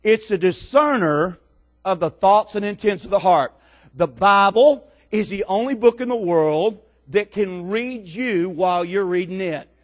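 A man preaching a sermon, moving from calm scripture reading to loud, dramatic storytelling with repeated phrases. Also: high voice, a little slow. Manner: builds from calm to shouting storytelling; dramatic, repetitive preaching cadence.

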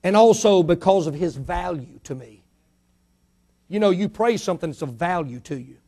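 High-voiced emphatic Baptist preacher, man. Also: lively intonation, normal speed, dark tone. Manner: emphatic preacher, rising and falling dynamically, rhetorical questions. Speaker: pastor. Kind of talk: sermon.

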